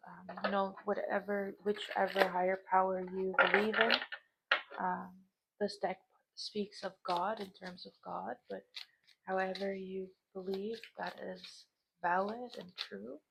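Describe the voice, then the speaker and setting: A woman giving a spiritual card reading, speaking softly and warmly about the messages she draws. Her voice is husky with a gravelly edge, and she reads at a gentle, unhurried pace. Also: medium pitch, low-quality recording. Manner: soft, emotional, reads aloud from cards with laughs. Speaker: tarot reader.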